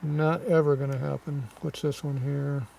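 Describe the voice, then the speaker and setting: A man with a scratchy, sore throat reading viewer comments in a casual, offhand way, clearing his throat often and muttering asides. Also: on the high side, flat delivery, moderate pace, mellow, recorded from a distance.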